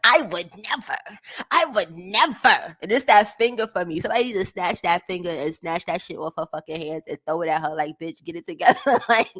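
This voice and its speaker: A woman vlogger chatting casually to her viewers, ranting loudly with frequent laughter and swearing. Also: lowish voice, fairly even intonation, quick pace, few pauses. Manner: loud, laughing, profane rants. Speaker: vlogger reacting to a clip. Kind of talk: casual livestream chat.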